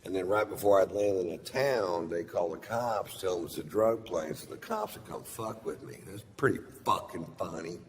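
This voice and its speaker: A middle-aged man, doing a stand-up set with drawling, deadpan storytelling and crude punchlines. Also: sits low, normal speed, hardly any pauses. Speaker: stand-up comedian. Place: large theater stage with audience laughter. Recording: live hall recording with long reverb and audience noise.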